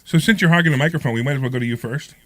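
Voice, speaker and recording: A man's voice: mid-range voice, very fast, crowd noise. A man hosting a radio talk show, with a nasal voice and a cough from a cold, joking and rambling in a casual chat. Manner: joking, rambling, self-mocking. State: getting over a cold, coughing. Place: radio studio.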